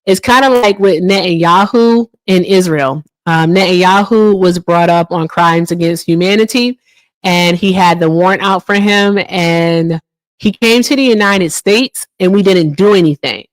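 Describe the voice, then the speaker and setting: A woman hosting a political call-in livestream, chatting casually and reading viewers' comments aloud, with teasing jumps up into a high voice. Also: a little slow. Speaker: livestream host.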